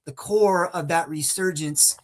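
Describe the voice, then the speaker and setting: A man's voice: fairly high pitch, measured pace. Chatty middle-aged man telling sports stories. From California. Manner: storytelling, with restarts and a laugh now and then. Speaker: podcast co-host. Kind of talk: casual sports talk.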